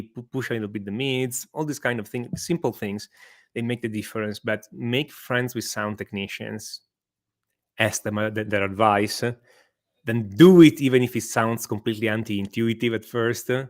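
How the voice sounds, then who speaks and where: A man who is a guest guitar teacher, explaining guitar sound with frequent laughs and lots of "okay"s, talking from a small home studio. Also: medium pitch. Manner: explanatory, laughs often, with many okays. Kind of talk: casual chat.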